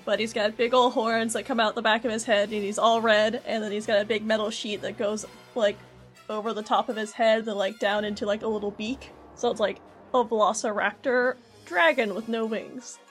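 A woman's voice: fairly high pitch, little pitch movement, moderate pace, soft background music. Chatty woman describing her character. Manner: chatty, filler-heavy description. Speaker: player. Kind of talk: playing a tabletop game.

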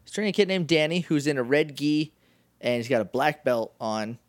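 A man's voice: a little high, animated, a little fast, dry recording, clean studio sound. A man from New Hampshire co-hosting a podcast, chatting casually and joking around with lots of laughter. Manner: joking, laughs often, quotes scenes in put-on voices. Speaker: podcast co-host. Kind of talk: casual chat.

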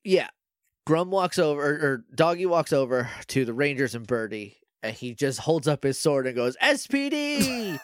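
A man co-hosting a podcast, recapping a TV episode in casual chat, animated and sarcastic, cussing freely and acting out the characters' lines. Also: mid-range voice, normal speed, no echo, clean studio sound. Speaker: podcast co-host.

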